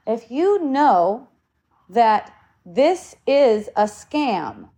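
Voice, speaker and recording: A woman's voice: fairly high pitch, sing-song, drawn-out words, mellow. A woman giving earnest spiritual advice in casual talk, swearing now and then.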